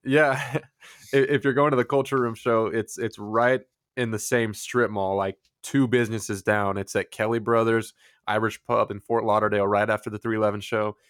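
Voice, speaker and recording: A man from Missouri hosting a casual podcast, upbeat and chatty and quick to laugh. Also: fairly low pitch, flat delivery, fairly bright tone, clean tone, dry recording, studio quality. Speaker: podcast host.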